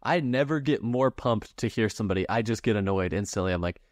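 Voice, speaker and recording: A man with a lowish voice co-hosts a podcast in casual chat. He rants with exasperation and drops into mimicked hype-man lines. The sound is dry and close. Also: expressive, fast, no room sound. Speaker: podcast co-host.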